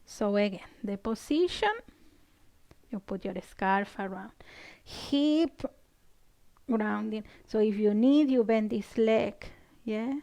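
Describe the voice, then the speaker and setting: Slow gentle woman yoga teacher over 50, keeps asking yeah?, sometimes whispers. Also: medium pitch, gravelly. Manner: gentle cueing with frequent "yeah?" checks, some whispered counts. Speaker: yoga instructor. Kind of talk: guided yoga class instruction.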